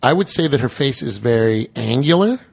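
A man's voice: medium pitch, animated, a little fast, vocal fry, husky. An American man hosting a casual chat, rambling and teasing, with plenty of fillers. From United States. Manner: rambling, chatty, lots of fillers and teasing asides.

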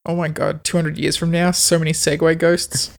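An Australian woman co-hosts a podcast in loose, playful chat, drifting from joke to joke. Her voice carries a slightly gravelly, fry-tinged texture. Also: deep voice, flat delivery, moderate pace. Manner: playful, jokey, rambling. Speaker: podcast co-host. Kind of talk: casual chat.

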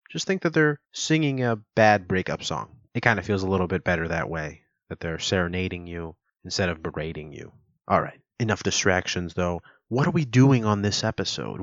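Man, podcast host, chatty explanatory monologue, lowish voice, dry dull lo-fi sound. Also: dry recording. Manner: chatty, explanatory, playfully demonstrates words aloud. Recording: dull lo-fi recording.

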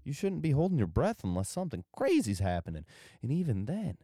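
A man's voice: mid-range voice, wildly swooping pitch, fairly quick, dark tone, no echo, studio quality. A tired young man rambling loosely through a solo podcast, drifting off topic and losing his train of thought. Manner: drowsy, meandering, loses his train of thought. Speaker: podcast host.

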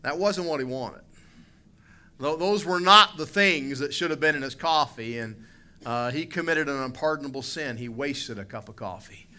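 A middle-aged pastor with a Southern US accent, preaching a sermon with humorous stories that build into emphatic points. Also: male voice, mid-range voice, normal speed, sharp tone.

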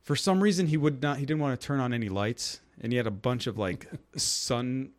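A young adult man with a medium-pitched voice talks a little fast on a podcast. He chats casually and rambles animatedly through a story, acting out the people in it with a raised, goofy voice.

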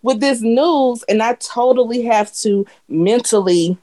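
A woman co-hosting a casual TV recap chat, explaining her view in a measured way and drawing on personal experience. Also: on the high side, noisy background. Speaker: podcast co-host.

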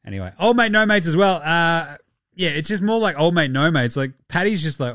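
A man hosting a casual sports podcast, animated and jokey, swearing freely. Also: a little high, normal speed, no room sound, studio quality. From Australia. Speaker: podcast host.

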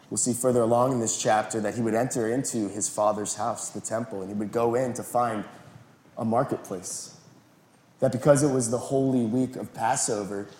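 A male pastor giving a sermon in an animated, conversational way. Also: medium pitch, slight background noise. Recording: roomy echo.

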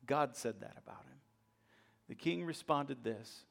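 A male pastor preaching a sermon, retelling a story dramatically and swinging from hushed lines to loud, emphatic ones. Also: medium pitch, a little slow, vocal fry, faint music behind.

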